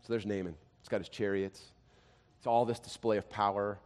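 A man in his thirties preaching a sermon, telling family stories, dropping to quiet and rising to loud. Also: lowish voice, fairly quick. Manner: animated storytelling, swings from quiet to loud. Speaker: pastor. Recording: long hall reverb.

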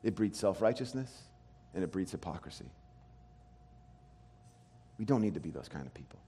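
A man preaching a sermon as pastor, animated, acting out quoted voices. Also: low voice, moderate pace, breathy edge, big-room sound.

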